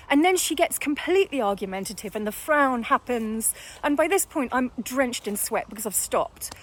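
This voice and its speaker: A woman telling a story after a run outdoors, a bit out of breath, exasperated and animated as she acts out a quarrel. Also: on the high side, normal speed, few pauses. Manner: exasperated, animated retelling with quoted dialogue. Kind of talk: casual storytelling vlog.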